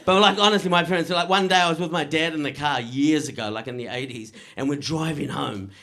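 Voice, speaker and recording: A middle-aged man performing a stand-up comedy set, delivering deadpan punchlines and checking in with the crowd. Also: a little high, fairly quick.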